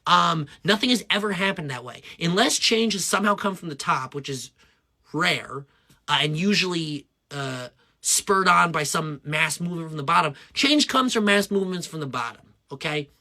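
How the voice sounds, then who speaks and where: A man's voice: fairly high pitch, expressive, normal speed, bright, forceful tone. A man delivering a blunt, profane rant straight to the listener, hammering his points and checking in with "right?". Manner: blunt, profane, emphatic, keeps asking "right?". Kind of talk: direct-to-camera rant.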